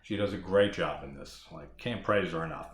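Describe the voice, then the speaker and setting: This man hosts a horror movie podcast, walking through scenes in a loose, enthusiastic ramble peppered with profanity. He speaks at a moderate pace in a low register, and the recording is reverberant with slight background noise.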